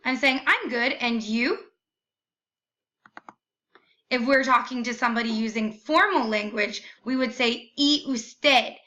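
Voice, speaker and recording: A young woman teacher walks through a lesson, slowing down to model each phrase with care. Her voice sits a little high and sounds bright and forward. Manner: slow, careful modeling of phrases. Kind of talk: recorded classroom lesson.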